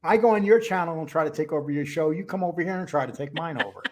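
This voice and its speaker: A man hosts a live stream in an easygoing, chatty tone. He greets viewers by name one after another. His voice sits a little high for a man. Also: animated, racing, darkish tone. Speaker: host of a live stream show. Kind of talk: casual live-stream chat.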